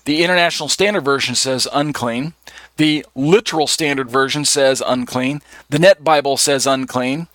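A man's voice: medium pitch, normal speed, fairly bright tone, dry recording. A man leading a casual Bible study lesson, talking conversationally with many fillers as he reads out verses. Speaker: Bible teacher.

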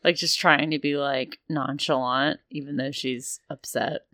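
A woman playing a tabletop game, chatting quickly about her character. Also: extremely low pitch, steady tone, fairly bright tone. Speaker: player. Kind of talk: casual chat during a tabletop game.

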